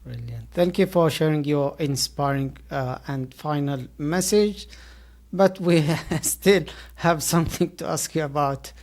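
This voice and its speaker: Podcast host, woman, low voice, slow and hesitant, lots of pauses. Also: a little mellow. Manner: halting, many "uh" fillers, formal praise. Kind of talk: podcast interview.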